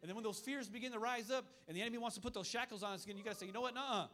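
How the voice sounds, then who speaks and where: Speaking very fast in a high-pitched, fairly bright voice, a male pastor drives home a fiery sermon by repeating his points. He trades call-and-response asides with the congregation as he preaches.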